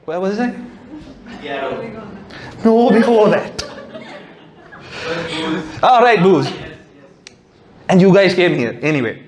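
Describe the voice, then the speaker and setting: Animated Sri male comedian. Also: high-pitched, slow, pauses often. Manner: animated, sardonic, swears freely. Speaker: stand-up comedian. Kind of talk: stand-up comedy set. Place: comedy stage before a live audience.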